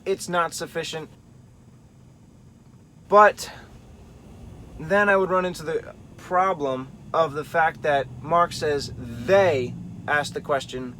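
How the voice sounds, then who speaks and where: A man's voice: fairly high pitch, a bit bright, slight background noise. A man teaching a Bible study, thinking aloud and carefully weighing different readings of the text. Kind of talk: explanatory Bible study talk.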